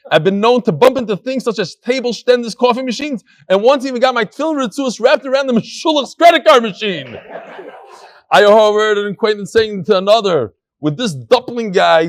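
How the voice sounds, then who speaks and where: Animated rabbi at a live shiur, high voice, dry close sound, jokey and exuberant. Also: male voice, no room sound. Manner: exuberant, calls people up, jokes. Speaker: Daf Yomi rabbi. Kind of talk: lively shiur announcements to a live audience. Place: study hall before a live crowd.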